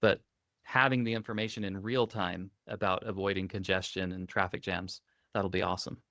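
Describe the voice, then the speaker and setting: A man co-hosting a tech podcast, talking in a relaxed, upbeat, conversational way. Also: sits low, moderate pace, dry recording, studio quality. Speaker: co-host. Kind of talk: casual tech podcast chat.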